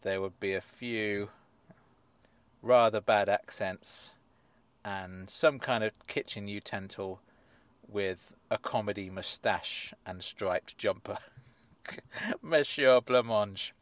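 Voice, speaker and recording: A man's voice: fairly low pitch, steady tone, slow, pauses often, dry recording. Dry sardonic man riffing. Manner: dry, sardonic asides with chuckles. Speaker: host reading and riffing on episode synopses. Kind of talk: casual comic commentary.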